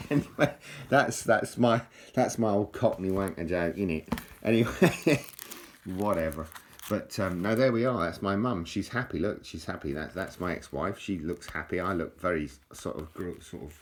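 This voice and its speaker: A man from England, his low voice a bit bright at normal speed, vlogs casually over his holiday photos. He rambles, jokes at his own expense, laughs a lot, and restarts often.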